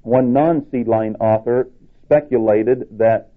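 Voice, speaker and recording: A man preaching a sermon with emphatic delivery, rising in pitch to stress his points. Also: fairly even intonation, slow pace. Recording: tinny phone-like sound.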